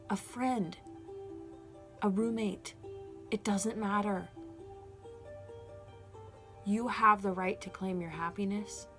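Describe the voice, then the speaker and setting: A woman giving a collective tarot reading, earnest and emotional, encouraging her viewers directly. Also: mid-range voice. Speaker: tarot reader.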